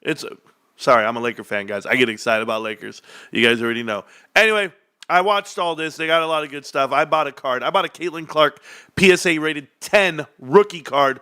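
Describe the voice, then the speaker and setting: A middle-aged man hosting a livestream, ranting in a boastful, animated way with frequent laughs. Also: on the high side, brisk, clear, resonant tone. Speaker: stock livestream host. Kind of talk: excited stream rant.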